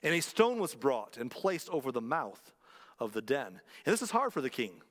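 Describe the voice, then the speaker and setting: A man's voice: mid-range voice, very animated, normal speed, long reverb tail. A male pastor preaching a sermon, telling a story conversationally and driving points home through emphatic repetition. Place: church sanctuary.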